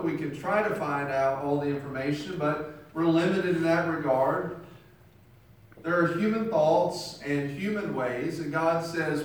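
A man preaching a sermon and telling illustrations, acting out the voices of the people in his stories. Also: on the high side. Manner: storytelling, acts out quoted voices. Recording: very echoey room from far off.

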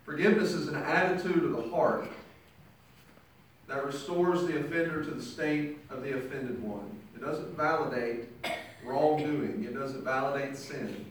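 A man's voice: mid-range voice, moderate pace, a little hiss or hum. A male pastor delivering a sermon with emphatic preaching, acting out the people he quotes. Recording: very echoey church hall, mic from far off.

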